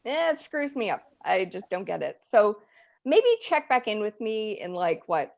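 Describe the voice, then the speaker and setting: A woman's voice: medium pitch, sing-song, a little slow, creaky, a little mellow, lo-fi sound. A woman doing a stand-up set, chatty and self-deprecating, often laughing at her own jokes. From Eastern Europe. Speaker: stand-up comic. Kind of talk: stand-up routine.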